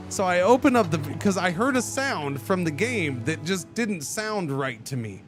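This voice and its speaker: A man's voice: high voice, a little slow, hardly any pauses. A man streaming a game, telling a rambling story in casual chat with lots of restarts. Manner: rambling, animated, many restarts. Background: background music.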